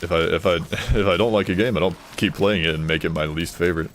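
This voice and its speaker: Deep-voiced joking male streamer. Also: steady tone, quick pace, a little hiss or hum. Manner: joking, reading chat aloud, offhand. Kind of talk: casual gaming stream commentary.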